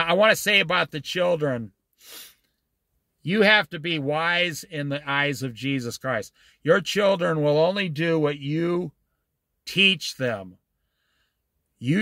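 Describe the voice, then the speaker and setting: A man's voice: on the high side, pushed and bright, dry recording, studio quality. A man giving a blunt, informal Bible study sermon and acting out husbands and wives in quoted asides. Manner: blunt, preachy, acts out quoted spouses.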